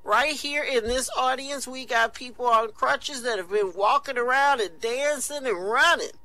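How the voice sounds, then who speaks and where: A man's voice: extremely high pitch, moderate pace, pushed and bright, no room sound, voice pushed up, low-quality recording. A man voicing a boastful male radio evangelist who preaches in a rising sermon cadence. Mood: fervent.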